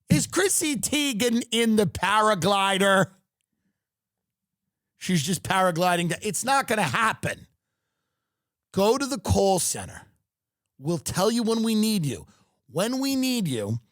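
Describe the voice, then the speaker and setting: A man's voice: high voice, fairly bright tone, no room sound, clean studio sound. A man hosting a podcast, delivering a sarcastic comedic rant. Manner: sarcastic, ranting. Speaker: podcast host.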